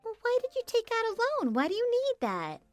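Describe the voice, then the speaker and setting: A woman's voice: very high-pitched, huge pitch swings, a little fast, soft background music. A woman's text-to-speech voice as a worried wife who pleads and questions. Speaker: wife and story narrator.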